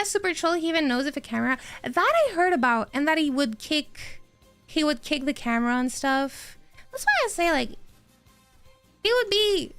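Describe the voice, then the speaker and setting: A high-pitched woman streamer chats casually while playing a game, rambling excitably and answering her chat as she goes.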